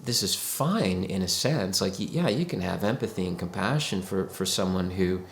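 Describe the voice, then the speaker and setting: Man, therapist, gravelly, low, reflective and coaxing, echoey room. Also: animated, moderate pace, slight background noise. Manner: reflective, coaxing, voices imagined inner questions. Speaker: psychotherapist. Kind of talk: educational talk to camera.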